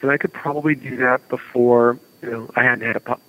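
A man's voice: medium pitch, steady tone, a little fast, sharp tone, poor audio. A man, an author being interviewed, telling rambling anecdotes in casual chat. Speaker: author guest.

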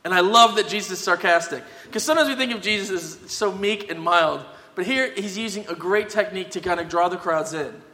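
A pastor delivers a sermon in a voice slightly higher than most men's, bright and forceful, speaking fairly quickly with few pauses. Conversational yet emphatic, he drives his points home and uses tag questions, while a long reverb rings as in a large hall.

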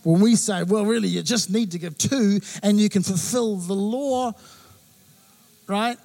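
A man in his thirties from New Zealand, a pastor preaching a sermon with lively storytelling and acted-out quotes. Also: high-pitched, unhurried, gravelly.

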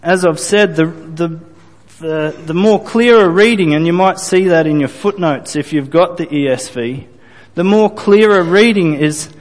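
A man preaching a sermon to his congregation, earnest and deliberate, repeating phrases and restarting sentences as he builds his point. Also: on the high side, in a large hall. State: briefly choked up. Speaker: pastor.

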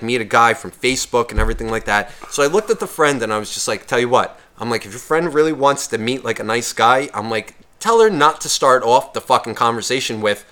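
This podcast co-host has a clear, resonant mid-range voice. Casually telling a bar story, he's animated and profane, acting out others' words in shifting voices.

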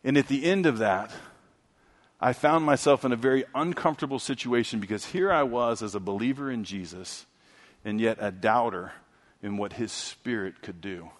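A man preaching a sermon, telling a story and swinging from loud, emphatic lines to hushed ones. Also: mid-range voice, normal speed. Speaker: pastor. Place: church sanctuary. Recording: long hall reverb.

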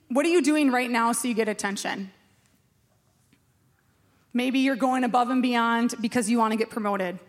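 A woman pastor giving a sermon in a chatty, self-mocking way, asking the room questions. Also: a little high.

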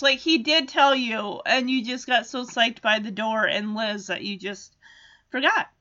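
A woman casually recapping a cartoon episode, sarcastic and animated, slipping into quick voices for the characters. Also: on the high side, highs cut off. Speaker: cartoon reviewer.

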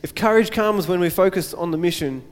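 Male pastor, earnest sermon delivery, rhetorical repetition, slightly high voice, echoing church. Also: fairly quick. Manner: earnest, repeats phrases and asks rhetorical questions.

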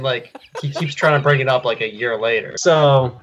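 Animated man telling a movie story. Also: medium pitch, normal speed. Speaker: podcast co-host. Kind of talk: casual chat about movies.

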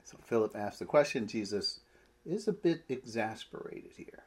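A man preaching a sermon, animated and full of rhetorical questions. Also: fairly low pitch, normal speed, breathy edge. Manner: animated, rhetorical questions, laughs mid-phrase.

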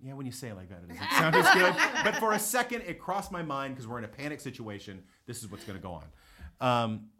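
A man in his forties, a guest on a comedy talk show, telling a story with animated delivery and acting out the people in it. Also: mid-range voice, fast. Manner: animated, acts out quoted people. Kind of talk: comic storytelling.

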